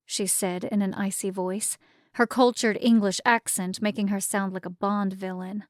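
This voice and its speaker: A woman reads a fantasy novel aloud in a measured, even way. Her voice sits at a middle pitch for a woman and is recorded close and dry, with no room sound. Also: dry recording. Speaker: audiobook narrator. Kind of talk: scripted narration.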